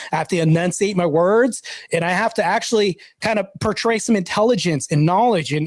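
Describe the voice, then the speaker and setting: A man's voice: sits high, dry recording, studio quality. A man talking as a guest on a live stream, emphatic and opinionated, going into long monologues. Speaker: interview guest. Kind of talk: casual live-stream debate.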